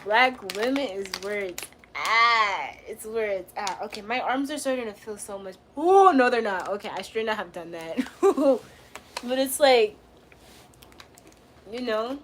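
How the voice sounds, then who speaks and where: High-voiced young woman chatting on stream. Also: lively intonation, measured pace, fairly bright tone, a little hiss or hum. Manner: slangy, teasing, trash-talking chat. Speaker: livestreamer. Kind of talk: casual livestream chat.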